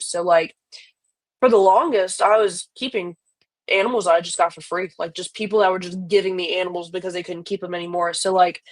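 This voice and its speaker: A young woman with a light Louisiana accent, a podcast guest chatting casually in a laid-back, rambling way. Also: medium pitch. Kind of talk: casual chat.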